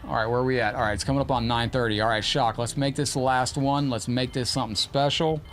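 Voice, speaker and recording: Casual, excitable male streamer at a mid-range pitch, informal and a bit profane, cheering good plays. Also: fast talker, a little hiss or hum. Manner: excitable, cheers opponents and thanks viewers; chatty and informal, often profane. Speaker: live-stream gaming host. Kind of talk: casual live-stream commentary.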